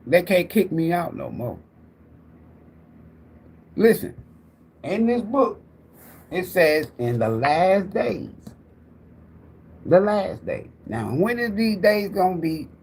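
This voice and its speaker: A middle-aged man holds forth on a tarot livestream like a former preacher, his pitch swinging widely as he drives his points home. He swears freely and keeps talking straight to his viewers, with a faint hiss of noise behind him. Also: takes it slowly, creaky, pauses often. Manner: animated, profane, preacher-like, addresses viewers directly. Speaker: tarot reader and livestream host. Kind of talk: rambling preachy livestream talk.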